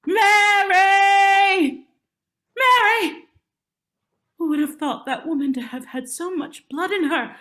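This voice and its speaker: A woman's voice: high voice, normal speed, hardly any pauses, natural voice. A woman playing a proud, sleepwalking Tudor queen in an amateur online stage play, speaking in a commanding, scornful way. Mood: raving. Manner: commanding, scornful, archaic theatrical speech. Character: imperious sleepwalking Queen Elizabeth I, haughty and sharp-tongued.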